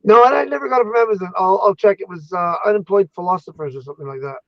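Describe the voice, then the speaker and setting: A man chatting casually as an academic guest, animated and jokey, rambling through his thoughts. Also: sits high, racing, no room sound, lo-fi sound. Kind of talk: casual chat.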